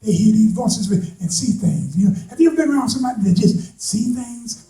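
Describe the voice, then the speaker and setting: A man preaching a sermon to a responding congregation, building from slow talk into impassioned shouts with folksy turns of phrase. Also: high-pitched, animated. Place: church sanctuary. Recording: echoey hall, voice from a distance.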